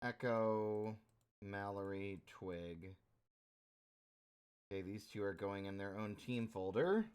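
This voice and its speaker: A man's voice: fairly low pitch, takes it slowly, pauses often, darkish tone, clear, resonant tone. A young adult man livestreaming, thinking aloud in a rambling casual way as he organizes his work. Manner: rambling, self-talking while organizing.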